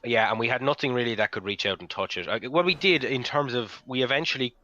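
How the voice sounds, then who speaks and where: A man's voice: mid-range voice, fast talker, pushed and bright, no echo, dull audio. A man hosting a casual game replay commentary, rambling with many ums and restarts. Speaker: gaming channel host.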